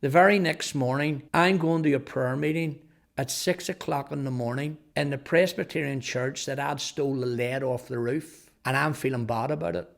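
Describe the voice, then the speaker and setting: A man's voice: medium pitch, normal speed, vocal fry. A man telling his personal testimony in an earnest storytelling way, often repeating words. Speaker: testimony speaker.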